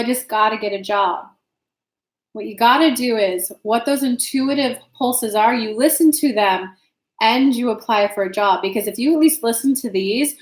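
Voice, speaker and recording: Chatty tarot-reading woman in an echoey room. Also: on the high side. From United States. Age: young adult. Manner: chatty, reads comments aloud, swears casually. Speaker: tarot reader and channel host. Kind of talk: casual live-stream tarot reading.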